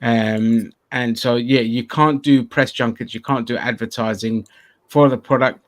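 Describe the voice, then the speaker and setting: A man's voice: mid-range voice, fairly even intonation, unhurried. A man from Greece co-hosting a casual chat show, blunt and sweary, often laughing. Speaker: co-host.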